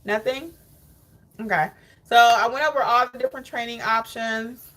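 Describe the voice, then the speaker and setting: A woman hosting a live stream, reading viewer comments aloud and coaching notaries in an animated, preachy way with frequent laughs. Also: on the high side, moderate pace. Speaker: host of a notary training channel.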